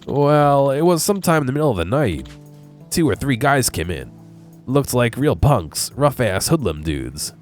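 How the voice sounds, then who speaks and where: A man's voice: medium pitch, very animated, moderate pace, faint music behind, voice pushed up, close to an everyday voice. A congested man voicing a nervous young male convenience store clerk, hesitant and stammering. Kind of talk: reading game dialogue aloud.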